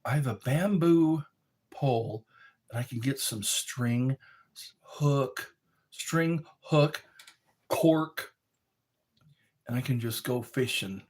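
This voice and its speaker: Slow and pausing often, his tone darkish and husky, a middle-aged man runs a casual livestream. Between rambling and reading chat messages out loud, he breaks into high howls and quoted lines.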